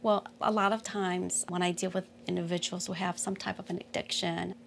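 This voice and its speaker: A woman therapist with a gravelly, creaky voice leads an intake session. She asks questions in a calm, patient, steady way, with a faint hiss behind her. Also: fairly low pitch, a little fast.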